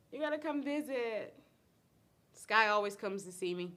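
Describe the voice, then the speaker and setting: A middle-aged woman, chatting casually on a live stream as a host and cook, animated and laughing often. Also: fairly high pitch, a little slow, pauses often. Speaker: host and cook answering viewer questions.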